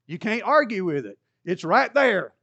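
A man preaching a sermon, animated, rising loud for emphasis and dropping low and quiet. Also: moderate pace, creaky, no room sound, dull audio.

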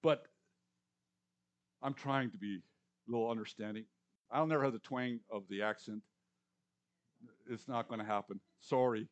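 A man in his sixties preaching a conversational sermon, repeating words for emphasis and swinging between loud and hushed lines. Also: mid-range voice, animated, normal speed, pauses often. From Canadian or US prairies. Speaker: pastor.

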